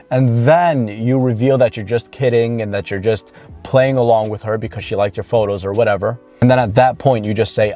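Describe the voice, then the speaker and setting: A man's voice: mid-range voice, brisk, dark tone, soft background music. A man coaching viewers on dating, talking earnestly to camera and repeating key points for emphasis. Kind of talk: instructional talk to camera.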